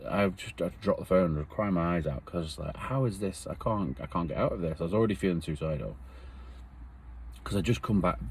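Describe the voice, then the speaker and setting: Deep-voiced man telling a story. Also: a little mellow, slight background noise. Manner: earnest, rambling, emotional retelling. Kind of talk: personal storytelling.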